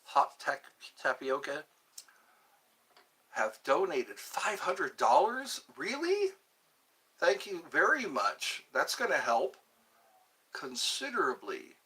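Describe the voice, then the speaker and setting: A man's voice: on the high side, bright, forceful tone, breathy edge. A man hosting a live stream, chatting casually and reading viewer comments, often stumbling and repeating words. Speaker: livestream host.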